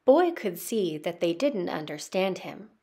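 A woman interpreter giving a voice-over of a children's storybook, telling it slowly and dramatically. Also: fairly low pitch. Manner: slow, expressive, dramatic storytelling. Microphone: studio voice-over.

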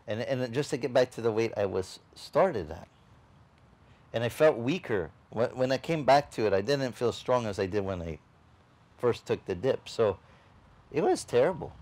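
A man preaching in a loose, conversational way, as if telling a story to friends. He slips into the voices of the people in his tale and often restarts a phrase mid-thought. His voice sits at an ordinary, mid-range pitch for a man. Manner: animated storyteller who acts out quoted dialogue, with frequent restarts; chatty, addresses the congregation directly. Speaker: pastor.

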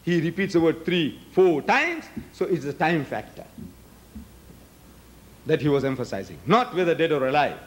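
A man's voice: a little high, big pitch swings, normal speed, long pauses. An older man with a South African accent giving a public debate speech, asking rhetorical questions and acting out both sides of an argument.

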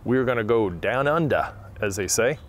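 A man's voice: on the low side, animated, normal speed, slight background noise. A man hosting a landscaping vlog, chatting folksy and casual outdoors at a plant nursery. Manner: folksy, chatty, with frequent fillers. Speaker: landscaping channel host.

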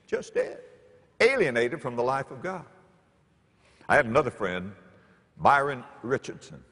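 A male preacher telling stories from the pulpit, his voice leaping from hushed lows to ringing highs. Behind him is the long reverb of a large church sanctuary. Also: moderate pace. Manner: animated, dramatic swings in pitch and loudness. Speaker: pastor. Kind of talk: storytelling sermon.

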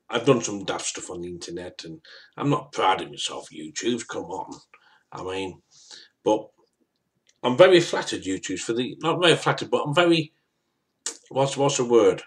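A man talking casually to his viewers, rambling and stammering, repeating himself often. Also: fairly low pitch. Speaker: YouTuber. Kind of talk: casual vlog to camera.

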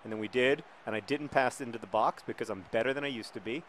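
Excitable middle-aged man playing a game. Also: medium pitch, quick pace. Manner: excitable, jokey, shouts at big moments. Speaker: video game commentator. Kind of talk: playing a football video game with live commentary.

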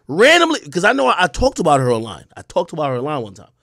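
A man's voice: on the high side, huge pitch swings, quick pace, creaky, fairly bright tone, no room sound, studio quality. A young man from the Bronx, telling a rambling, profane story as a streamer host. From the Bronx, New York. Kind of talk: casual storytelling monologue.

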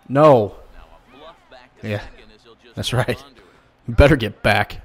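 A man commenting on his own baseball video game play, swearing and flaring up at bad pitches, and talking straight to his viewers. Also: slow, pauses often. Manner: swearing, frustrated outbursts at the game. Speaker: gaming YouTuber. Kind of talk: gameplay commentary.

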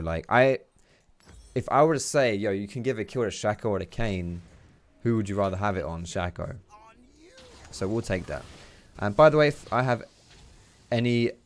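A young man giving casual, excitable gameplay commentary, chatty and swearing freely. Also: on the low side. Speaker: gaming YouTuber.

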